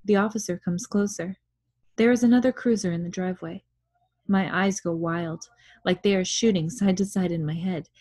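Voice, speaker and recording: Female audiobook reader; unhurried, hushed, slightly husky narration. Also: medium pitch. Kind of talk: reading a novel aloud.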